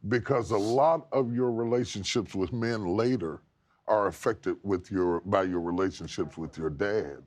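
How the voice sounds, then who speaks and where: A man hosting a TV talk show interview, speaking expressively and emphatically with sweeping pitch. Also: moderate pace, darkish tone. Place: TV studio with live audience. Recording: studio audience noise.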